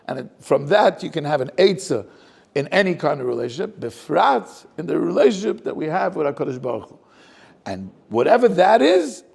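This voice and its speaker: Gravelly-voiced rabbi probing a text. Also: male voice, fairly high pitch, darkish tone. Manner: probing, asks many rhetorical questions. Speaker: rabbi teaching a class. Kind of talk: Torah class, questioning the text aloud.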